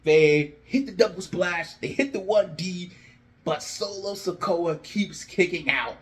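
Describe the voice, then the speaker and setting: A man telling a wrestling storyline in a casual, animated way and acting out the wrestlers' lines. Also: high-pitched, a little slow. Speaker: wrestling booking commentator. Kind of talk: casual fantasy booking rant.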